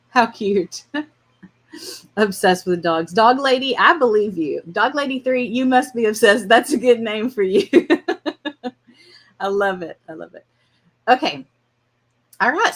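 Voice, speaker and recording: A woman hosting a casual livestream drawing lesson, chatting while she draws and laughing often. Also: medium pitch. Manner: chatty and warm-hearted, laughs often, chats to her dog while drawing. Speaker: art class host.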